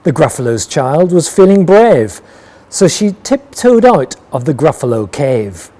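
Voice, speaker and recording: Slow, expressive male storyteller. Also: on the high side. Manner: rhythmic, expressive rhyming delivery. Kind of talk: reading a picture book aloud.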